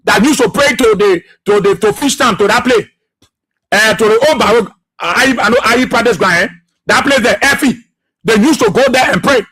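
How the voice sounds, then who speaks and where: A Liberian man hosts a radio talk show, hammering his points home with fervent repetition like a preacher. His voice sits high and sounds bright and forceful, with a husky edge. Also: brisk. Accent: Liberian English. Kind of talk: political commentary monologue.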